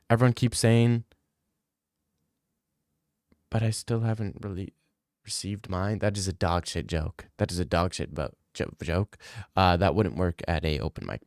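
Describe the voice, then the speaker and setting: A man's voice: mid-range voice, dry recording. A young man chatting casually on a stream, joking around in a loose, slangy ramble. His voice sits in a middle range, and the sound is dry and close to the mic. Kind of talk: casual chat.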